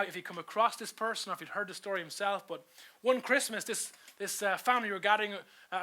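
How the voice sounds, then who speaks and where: A man from Ireland delivers a sermon with a high, bright voice. He is earnest and talks straight to the congregation, putting rhetorical questions to them. He often stumbles and repeats words as he builds his point. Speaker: pastor. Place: church auditorium.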